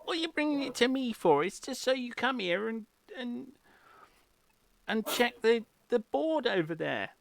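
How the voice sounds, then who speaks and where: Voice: mid-range voice, animated, normal speed, creaky, no room sound, voice pushed up. Tabletop role-play: game master voicing a brusque dwarf barmaid in an attempted Cockney accent, impatient and dismissive. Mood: scolding. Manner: curt, scolding, dismissive. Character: gruff dwarf woman running a pub, brusque and impatient.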